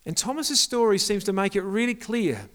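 High-voiced man preaching to youth. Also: animated, moderate pace, a bit bright. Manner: casual, joking, asks the crowd questions. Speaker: youth group speaker. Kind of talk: sermon to a youth group.

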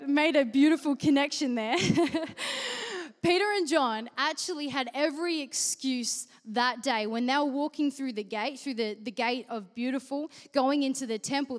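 A young woman giving a chatty, story-driven sermon, laughing as she goes. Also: high voice. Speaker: youth speaker. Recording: echoey hall reverb.

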